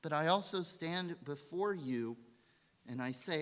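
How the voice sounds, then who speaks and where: A woman rabbi telling a story in a sermon, in an animated storytelling manner. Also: sits low, measured pace. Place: synagogue sanctuary. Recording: reverberant hall.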